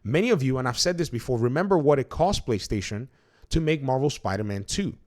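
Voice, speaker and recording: A man's voice: medium pitch, animated, a little fast, a little mellow. A man hosting a solo gaming commentary, arguing his points emphatically and often restarting his sentences mid-thought. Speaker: gaming commentary channel host.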